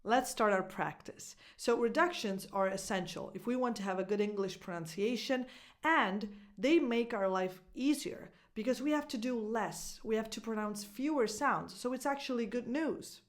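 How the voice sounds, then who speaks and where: A woman, a native Italian speaker, teaching English pronunciation and carefully demonstrating phrases for listeners to repeat. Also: on the high side. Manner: clear, deliberate demonstrations with repeat-after-me drills. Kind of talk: pronunciation lesson.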